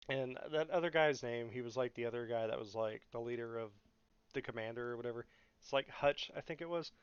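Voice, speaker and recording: A man's voice: mid-range voice, brisk, smooth, dry recording, highs cut off. A young man hosting a podcast, ranting in a casual, profane, mocking way and often laughing. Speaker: podcast host.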